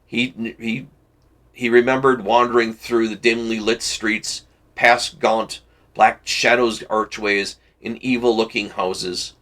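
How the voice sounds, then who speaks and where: A man reading a classic novel aloud for a book club, measured and deliberate with occasional slips. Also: mid-range voice, flat delivery, fairly bright tone.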